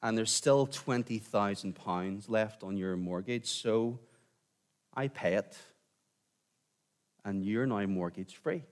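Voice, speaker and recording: A man preaching a sermon in a conversational way, sometimes dropping to a quiet, intense tone. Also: lowish voice, slow pace, pauses often. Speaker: pastor.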